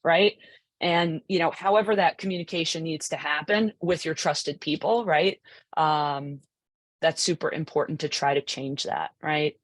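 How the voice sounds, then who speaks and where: A woman's voice: low-pitched, moderate pace, no room sound. A woman coach giving a conversational presentation, chatty, full of asides and rhetorical "right?" tags. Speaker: lacrosse goalie coach presenting.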